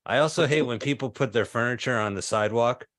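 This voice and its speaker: Man, fifties, stand-up comic, deadpan one-liners, dry close sound. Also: mid-range voice, fast talker, no echo. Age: 50s. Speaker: stand-up comedian. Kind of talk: stand-up set. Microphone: video call.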